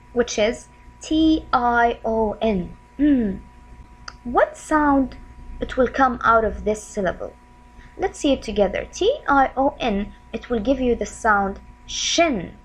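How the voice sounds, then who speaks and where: Woman as a patient spelling teacher, a touch high-pitched, drawing each sound out slowly. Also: rough recording. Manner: repeats sounds slowly and clearly; friendly, asks questions of the learners. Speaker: English teacher. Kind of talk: spelling lesson.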